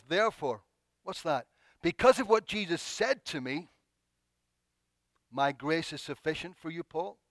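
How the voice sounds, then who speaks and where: A man preaching a sermon, acting out pleading prayers with expressive, dramatic delivery. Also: fairly high pitch, no room sound.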